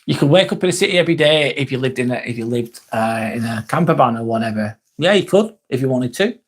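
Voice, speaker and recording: A man's voice: medium pitch, lively intonation, quick pace. A man hosting a live vlog, casually chatting, reading out viewer comments, swearing and laughing now and then. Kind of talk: casual live-stream chat.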